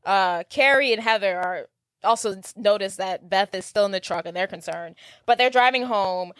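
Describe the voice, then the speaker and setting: A woman co-hosting a podcast who narrates a movie's plot at a steady pace and chimes in with short agreements. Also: mid-range voice, normal speed, clean tone, dry recording. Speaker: podcast co-host. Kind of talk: casual movie recap chat.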